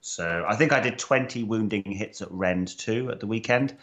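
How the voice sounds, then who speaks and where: A man co-hosting a casual tabletop gaming podcast, explaining rules in a measured, step-by-step way. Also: fairly low pitch, a bit bright. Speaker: co-host. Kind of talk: casual podcast chat about tabletop games.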